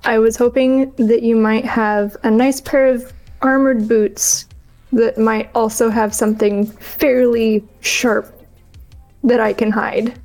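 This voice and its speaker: A woman's voice: a little high, level tone, slow, darkish tone, faint music behind. A woman playing a tabletop game, speaking breezily and playfully in character. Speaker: player.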